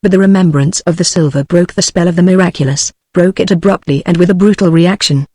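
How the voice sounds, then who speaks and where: A synthetic text-to-speech voice reading a classic novel aloud as an audiobook, in an even, mechanical delivery. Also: mid-range voice, quick pace, dry recording. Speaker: audiobook narrator.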